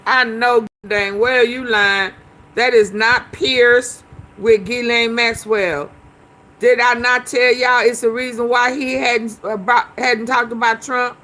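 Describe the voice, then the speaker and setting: A woman's voice: a little high, fairly even intonation, slow, bright, forceful tone. A woman hosting a casual commentary show, talking back at clips in a drawling, repetitive way. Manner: drawling, talks back at clips, repeats herself.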